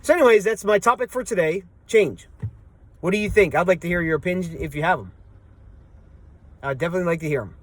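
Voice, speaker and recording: A man's voice: sits high, fast, pauses often, dry recording. A man from Southwestern Pennsylvania with a local accent, venting in a rambling, frustrated way in a casual vlog to his viewers. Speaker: vlogger.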